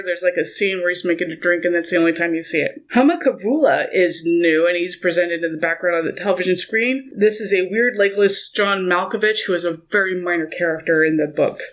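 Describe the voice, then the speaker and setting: Podcast host, female, casual rapid-fire plot recap with offhand asides. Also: mid-range voice. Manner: quick running summary with loose asides.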